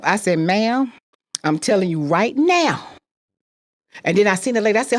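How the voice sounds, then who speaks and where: A woman's voice: lowish voice, lively intonation, moderate pace. A woman telling a personal story with emphatic repetition, acting out the people she quotes. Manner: emphatic, repeats phrases, acts out quoted voices.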